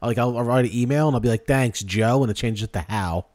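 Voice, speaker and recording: A man's voice: medium pitch, very fast, no room sound, clean studio sound. A man hosting a podcast in casual chat, telling rambling stories and acting out quoted lines. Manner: rambling, animated storytelling with quoted asides. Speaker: podcast host.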